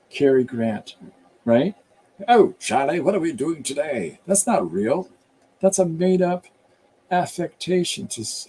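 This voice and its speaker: A man's voice: medium pitch, mellow, a little hiss or hum. A man casually chatting on a live stream, rambling about accents and reading viewer comments aloud as he goes. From Canada. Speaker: comic artist hosting a live stream.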